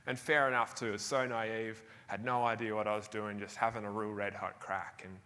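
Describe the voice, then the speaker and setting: With a lowish, level voice that's pushed and bright, a young Australian man from Tasmania speaks fairly quickly from a large hall's stage. He's a keynote speaker telling a self-deprecating story in a motivational talk, laughing between phrases, anecdotal throughout. Long reverb rings through the live hall.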